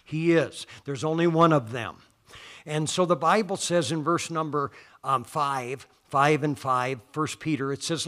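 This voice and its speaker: Bright-voiced folksy preacher man. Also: fairly high pitch, measured pace. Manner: folksy, emphatic, rising to loud declarations. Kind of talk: sermon. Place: church.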